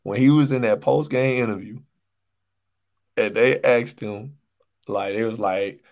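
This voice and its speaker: A man's voice: on the low side, a little slow, pauses often, darkish tone. A young man co-hosting a casual sports podcast, ranting animatedly and repeating his points for emphasis. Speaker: podcast co-host.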